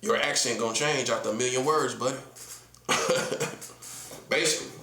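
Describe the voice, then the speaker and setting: A man's voice: mid-range voice, normal speed, sharp tone, reverberant. A man from North Carolina with a Southern accent, preaching in a casual, emphatic monologue full of rhetorical questions and slang. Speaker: prophet.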